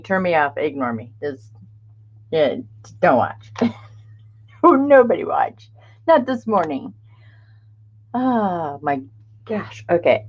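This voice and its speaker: A middle-aged woman hosting a craft livestream, chatting casually with viewers, greeting them by name and laughing often. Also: low-pitched. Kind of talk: casual live-stream chat. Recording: dull lo-fi stream audio.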